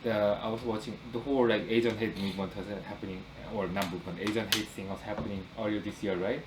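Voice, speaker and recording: Guy chatting on a podcast, halting, keeps agreeing, faint room noise. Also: on the low side, fairly even intonation, roomy sound. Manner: halting, frequent backchannel agreement. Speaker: podcast co-host. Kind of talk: casual podcast chat.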